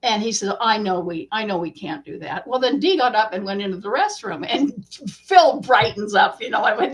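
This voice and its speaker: A woman author, a guest in an interview, telling a story in a casual, animated way and acting out the quotes. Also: mid-range voice, normal speed, few pauses.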